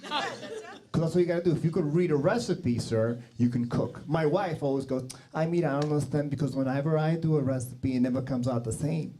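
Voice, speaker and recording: A man's voice: a little high, animated, a little fast, dark tone, a little hiss or hum. A man in his forties doing stand-up comedy on a club stage, talking brashly, swearing, and teasing the crowd into a handheld mic. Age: 40s.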